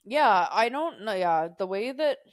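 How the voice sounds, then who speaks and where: A woman's voice: mid-range voice, animated, a little slow, dry recording, studio quality. A young woman co-hosting a podcast, chatting casually and telling a rambling, profane story full of digressions. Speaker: podcast co-host. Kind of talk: casual chat.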